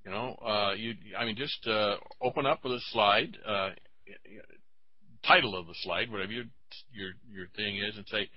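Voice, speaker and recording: A man talking in a casual chat, rambling and halting with many fillers. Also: fairly low pitch, no room sound, muffled recording.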